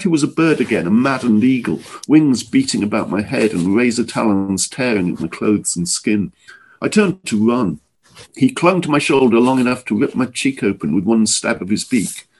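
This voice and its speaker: Male author reading his own fiction, husky, expressive, lively intonation. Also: lowish voice. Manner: expressive, measured storytelling. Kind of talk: literary short story reading.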